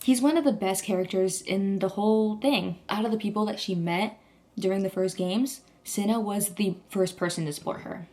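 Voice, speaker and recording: Young woman vlogger, casual chat, gushing and rambling, average pitch. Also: moderate pace, mellow. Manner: gushing, rambling, heavy use of "like".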